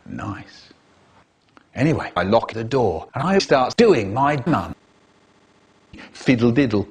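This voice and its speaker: A man's voice: medium pitch, big pitch swings, unhurried, slightly rough. An older man telling a comic story with sing-song sound-effect words.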